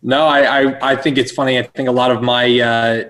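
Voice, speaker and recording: A man on an inventors' panel, speaking in a thoughtful, low-key way. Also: little pitch movement, normal speed, a bit bright. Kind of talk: casual panel talk.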